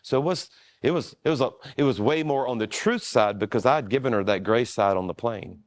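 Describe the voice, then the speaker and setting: A man who is a pastor, telling a story in a relaxed, self-deprecating way with frequent restarts. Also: medium pitch, fairly quick, no room sound. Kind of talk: storytelling in a conversation.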